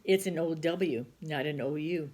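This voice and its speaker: A woman's voice: deep voice, measured pace, a little mellow. A woman teaching a phonics lesson to young children, patiently sounding out words aloud.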